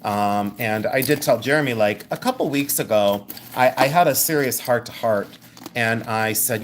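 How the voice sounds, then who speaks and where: A woman hosting a live jewelry sale stream, chatting in a rambling way and thinking out loud as she shows each piece. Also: rumbling low, moderate pace, a little hiss or hum. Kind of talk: live sales stream chat.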